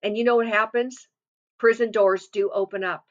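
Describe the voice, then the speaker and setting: A woman's voice: medium pitch, fairly even intonation, normal speed. A woman preaching a sermon, earnestly quoting and explaining scripture with emphatic delivery. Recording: muffled lo-fi recording.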